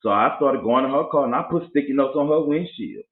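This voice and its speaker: During a relaxed storytelling chat, a man with a drawl who co-hosts a podcast briskly relates a tale to his partner, animatedly putting on voices for its characters. His pitch is medium, and the audio is thin and phone-like, surrounded by an echoey room.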